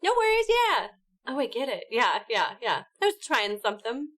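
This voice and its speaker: A woman's voice: a little high, very animated, moderate pace, fairly bright tone. A woman hosting a gaming livestream, chatting casually with viewers and co-players and laughing often. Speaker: livestream host. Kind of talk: casual chat with stream chat and co-players.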